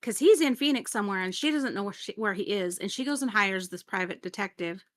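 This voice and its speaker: A woman's voice: mid-range voice, expressive, fast talker. A woman co-hosting a podcast, chatting casually about a movie, laughing often and acting out lines she quotes. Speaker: podcast co-host.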